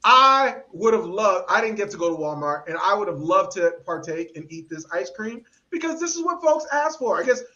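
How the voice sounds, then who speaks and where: A man's voice: sits high, normal speed, few pauses, dull audio. A man hosting a podcast, giving opinionated commentary and acting out voices of people he quotes. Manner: animated, acts out quoted voices. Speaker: podcast host. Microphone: podcast mic.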